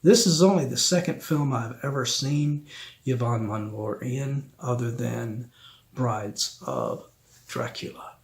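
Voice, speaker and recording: A man hosting a film review channel, talking through a review in a slow, rambling way with many ums. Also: medium pitch.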